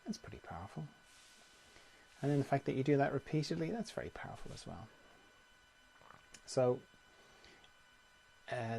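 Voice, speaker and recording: A man teaching meditation in a calm, conversational way, often repeating phrases. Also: mid-range voice, vocal fry, a little hiss or hum. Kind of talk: guided meditation talk.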